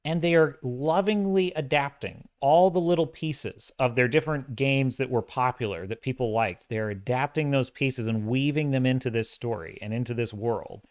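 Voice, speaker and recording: A man hosting a livestream, giving opinionated, animated commentary and acting out quoted dialogue. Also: medium pitch, normal speed, few pauses, clean tone, dry recording, studio quality. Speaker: livestream host.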